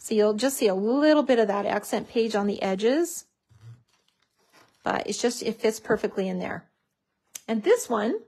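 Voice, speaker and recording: A woman's voice: a little high, a little mellow, husky. Gushing woman demonstrating a craft. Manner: chatty and gushing, says "so cute" often. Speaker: craft tutorial host.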